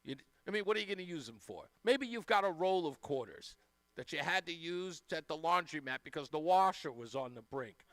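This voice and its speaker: High-pitched radio host guy, gushing with thanks, super dry mic. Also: dry recording. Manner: animated, effusive, thanks donors repeatedly. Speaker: radio talk show host. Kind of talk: casual radio chat and live fundraiser. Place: radio studio.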